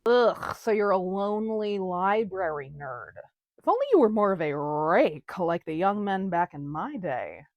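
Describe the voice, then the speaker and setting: Woman as a mocking, bawdy female ghost; lively, dry comedy read. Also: mid-range voice, measured pace, no echo, lo-fi sound. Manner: crude, teasing, mocking. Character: bawdy prankster female ghost, over a century old. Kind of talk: comedic audio drama.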